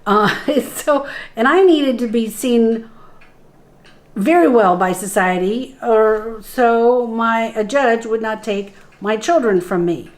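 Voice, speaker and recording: A woman's voice: on the high side, takes it slowly. A middle-aged woman, a spiritual guide, telling a personal story in conversation, acting out what others said and laughing along the way. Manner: animated, acts out quoted voices, laughs while telling.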